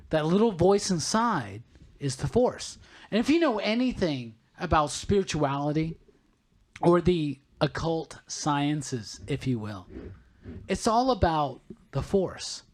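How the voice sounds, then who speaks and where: A man co-hosting a casual podcast, talking in an animated, preachy way when he explains an idea. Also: high-pitched. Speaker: podcast co-host.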